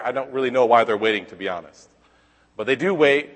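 A man's voice: medium pitch, fast, fairly bright tone, long reverb tail. A man giving a casual Bible lesson, retelling and reading scripture in a conversational way, often checking in with "okay?" and adding wry asides. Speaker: Bible teacher.

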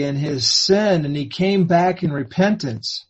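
A man preaching in first-person storytelling, swinging between hushed and fervent delivery. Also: a little high, lively intonation, measured pace, few pauses, husky, highs cut off.

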